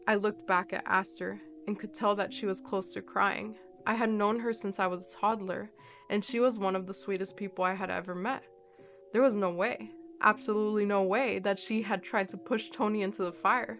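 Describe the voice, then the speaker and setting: Woman, horror story narration, steady measured reading, faint music underneath. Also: mid-range voice.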